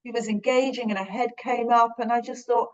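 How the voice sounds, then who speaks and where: A woman's voice: on the high side, steady tone, brisk, highs cut off. A British woman on a podcast, reflectively telling a personal story in a rambling, earnest way that often corrects itself. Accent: British English. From Britain.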